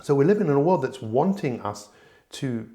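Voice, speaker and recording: A man's voice: mid-range voice, lively intonation, moderate pace, warm tone. A middle-aged man hosting his own podcast, talking earnestly and reflectively to the listener with frequent restarts. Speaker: podcast host. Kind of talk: solo podcast monologue.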